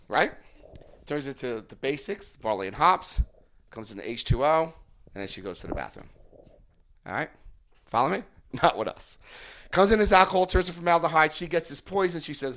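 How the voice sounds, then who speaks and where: Animated storytelling man, lively pitch. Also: brisk. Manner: storytelling with lively quoted voices, asks the room questions. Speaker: recovery meeting speaker. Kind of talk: informal group talk.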